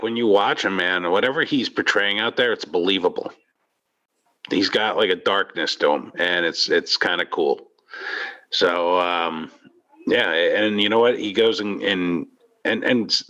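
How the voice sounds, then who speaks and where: A man rambling through a casual podcast chat, piling on fillers and restarts. His voice sits low but carries a bright edge, and the recording sounds dull and lo-fi. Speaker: podcast co-host.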